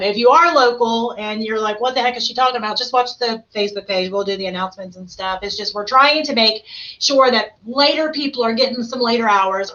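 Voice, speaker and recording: A woman's voice: medium pitch, sharp tone, lo-fi sound. A woman from Ohio hosting a podcast, chatting casually and laughing often. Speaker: podcast host and cafe owner. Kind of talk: casual chat.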